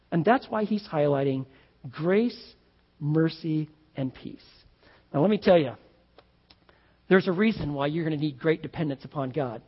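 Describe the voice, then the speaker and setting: A man's voice: high voice, breathy edge. A male pastor preaching a sermon in a conversational, emphatic way, with asides to the congregation. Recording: dull lo-fi sound in a reverberant hall.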